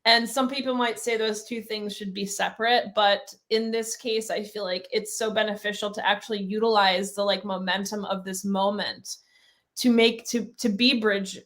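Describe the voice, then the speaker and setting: A woman hosting a livestreamed panel, gushing and excitable, with fillers as she talks. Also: mid-range voice, normal speed. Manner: gushing, excitable, self-described nerding out. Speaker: host. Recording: online video call.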